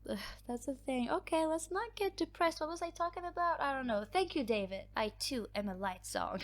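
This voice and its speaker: A woman with a somewhat high voice talks casually through viewer comments on her book channel. She laughs often and jokes about herself. Her voice cracks at times. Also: expressive, brisk. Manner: chatty, laughs often, self-mocking.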